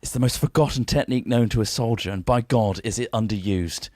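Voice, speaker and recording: A man voicing a gruff, weary male soldier who grumbles bluntly in a low voice during a hobby script read-through. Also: a little fast, darkish tone, no echo, clean studio sound, close to an everyday voice. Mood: grumbling.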